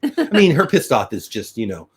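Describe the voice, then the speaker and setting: Fast-talking upbeat middle-aged man. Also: medium pitch, wildly swooping pitch, breathy edge. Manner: rambling, upbeat, thanks viewers by name. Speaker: host of a daily live news show. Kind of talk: casual live-stream chat.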